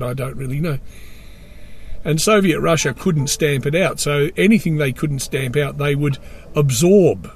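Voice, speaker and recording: A man's voice: a little high, vocal fry. Rambling Australian man, wry monologue. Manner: rambling, wry, sardonic asides.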